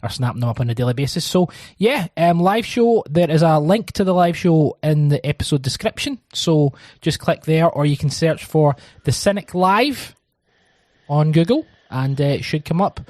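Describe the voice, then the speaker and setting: A man hosts a casual podcast in a chatty, rambling way, filling gaps with ums. His voice sits fairly high for a man. The recording is dry and close. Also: animated, normal speed, darkish tone, no echo. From Scotland. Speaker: podcast host.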